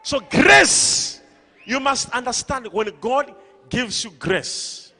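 Male preacher, high bright voice, forceful call-and-response delivery, in a big echoing church hall. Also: slow pace, soft background music. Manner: emphatic, repetitive, rising to shouts.

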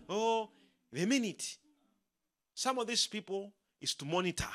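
A man preaching a sermon, emphatic and animated, leading the congregation in call-and-response. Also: sits high, a little slow, pauses often. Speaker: pastor.

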